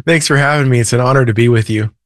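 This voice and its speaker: A man's voice: mid-range voice, a little fast, no room sound, clean studio sound. A man, a Christian author and preacher, earnestly retelling a Bible story as a guest in a faith interview. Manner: earnest, retells scripture with feeling.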